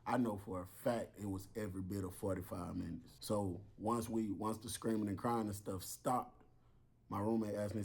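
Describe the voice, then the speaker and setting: Brief: low, husky man recounting a story with animated delivery. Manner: acts out voices and sounds.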